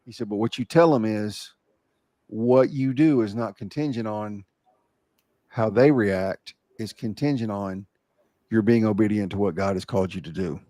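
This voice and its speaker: A man's voice: on the low side, moderate pace, dark tone, no room sound. Brief: male host, casual podcast chat, dry close sound. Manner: casual, says "bro" and "dude", affirming interjections.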